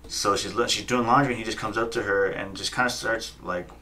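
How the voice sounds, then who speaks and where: A man in his thirties, a podcast guest, telling a story in quick, profane casual chat and acting out the quotes. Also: lowish voice, steady tone, pushed and bright. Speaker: guest, fighter and coach. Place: podcast studio.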